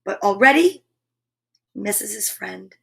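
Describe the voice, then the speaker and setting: A woman's voice: mid-range voice, lively intonation, measured pace, gravelly, fairly bright tone, exaggerated voice. A woman voicing a cross male storybook critter, a fox or squirrel who grumbles and snaps. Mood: indignant. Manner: grumbling, snapping.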